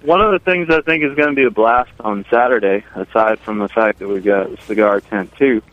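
A man's voice: lowish voice, a little fast. A man calling in by phone, talking casually and enthusiastically about his brewery, rambling with plenty of fillers. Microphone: telephone. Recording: tinny phone line.

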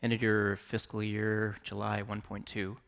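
A man's voice: on the low side, monotone, unhurried, gravelly, a bit bright. A male interviewer asking short, prompting questions in a live interview. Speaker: interviewer host.

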